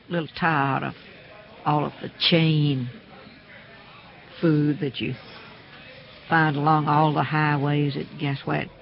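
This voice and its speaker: A man's voice: fairly high pitch, gravelly. A man, talking in a folksy, chatty, opinionated way. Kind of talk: casual spoken commentary. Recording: dull, muffled sound.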